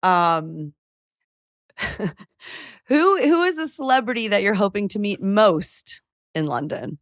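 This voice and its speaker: A woman hosts a relaxed podcast chat with a playful, teasing edge and frequent laughter. Her pitch sits in the middle range. She is recorded close up in a dry space with no echo. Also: slow pace. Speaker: podcast host. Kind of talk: casual interview chat.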